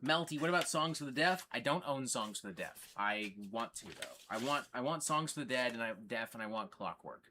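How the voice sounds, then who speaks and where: A man's voice: mid-range voice, big pitch swings, fairly quick, hardly any pauses, sharp tone, slight background noise. A man hosting a casual livestream, talking enthusiastically and swearing freely. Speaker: livestream host.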